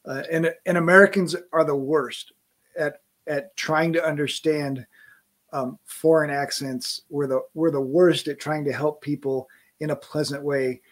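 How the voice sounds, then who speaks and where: A man's voice: a little high, steady tone, measured pace, a bit bright. A man hosting a business podcast, talking in an encouraging, reflective, conversational way. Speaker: podcast host. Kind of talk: podcast interview.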